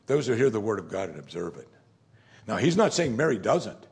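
A man's voice: medium pitch, very animated, moderate pace, creaky, a little mellow. A man preaching a sermon as pastor, talking in a conversational, emphatic way and often saying "you see".

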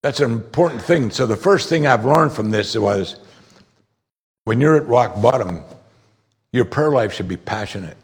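Male pastor, husky voice, mid pitch, earnest sermon delivery with emphatic peaks. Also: lively intonation, moderate pace, long pauses. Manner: earnest preaching, rising to emphatic outbursts.

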